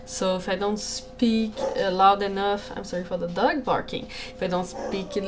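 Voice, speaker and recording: A woman's voice: medium pitch, normal speed. A woman with a French Canadian accent chatting casually on a livestream from home, apologetic and hesitant, often restarting her sentences. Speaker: streamer and game creator. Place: home room, alone.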